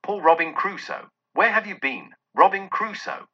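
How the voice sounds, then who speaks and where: A man's voice: high-pitched, animated, normal speed, bright, forceful tone, voice pushed up, heavily acted. A man voicing an elderly male miser who wavers between laughing and crying as old memories return. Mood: tearful excitement. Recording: dull lo-fi recording.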